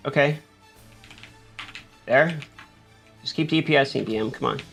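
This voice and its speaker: At a brisk pace, this gaming YouTuber talks through his play move by move, panicking and pushing himself on as he goes. His medium-pitched voice is creaky and broken by long pauses, and faint music plays in the background.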